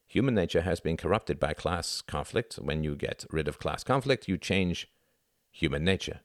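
A man voicing an earnest young male student who explains theory in a measured way. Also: low-pitched, expressive, dry recording, studio quality. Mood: explaining.

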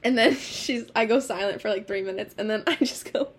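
A woman's voice: medium pitch, a little fast, slightly rough. A young woman co-hosting a casual podcast, laughing often and swearing freely as she tells stories. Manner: giggly, swears a lot, animated storytelling. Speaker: podcast co-host. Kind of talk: casual chat.

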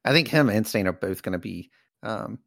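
A low-pitched man with a gravelly, fry-laden voice chats casually as a podcast co-host. His pitch rises and falls in a lively way. He rambles with fillers and laughs often, recorded dry and close. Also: brisk, dry recording. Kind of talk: casual card-game chat.

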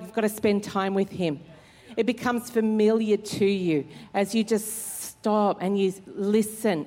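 A woman's voice: medium pitch, dark tone. A woman pastor, preaching a sermon in an earnest, conversational way with fillers. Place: church service hall. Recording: long hall reverb in church.

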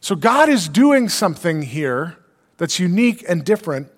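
A man's voice: high voice, big pitch swings, normal speed, long reverb tail. A male pastor delivering an earnest sermon, quoting scripture and asking rhetorical questions.

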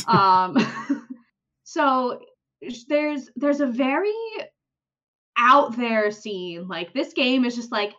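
A woman's voice: fairly high pitch, expressive, unhurried, fairly bright tone, highs cut off. A young woman co-hosting a podcast, telling stories animatedly, acting out characters' lines and laughing often. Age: young adult. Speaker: podcast co-host. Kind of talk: casual chat.

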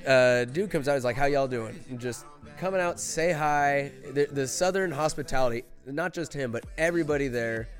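Profane, rambling male podcast host. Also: mid-range voice. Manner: profane, emphatic, rambling with restarts. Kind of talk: casual comedic storytelling monologue.

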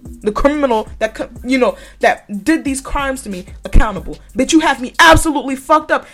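A woman's voice: sits high, expressive, fairly quick, fairly bright tone, faint music behind. Blunt, heated woman ranting with swearing. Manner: scolds directly, repeats points for emphasis. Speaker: podcast host. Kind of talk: profane commentary rant.

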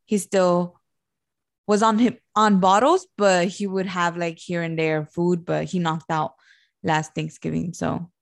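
A young woman and new mother co-hosting a casual chat podcast, relaxed and rambling as she tells stories. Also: lowish voice, measured pace, vocal fry, no room sound. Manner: relaxed, rambling, warm storytelling with fillers. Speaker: podcast co-host.

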